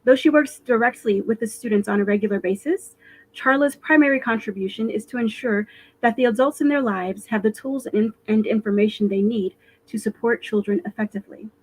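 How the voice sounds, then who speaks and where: A woman author reading her own fiction aloud in an expressive, animated storytelling voice for a virtual live stream. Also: a little high, fairly quick, rough recording.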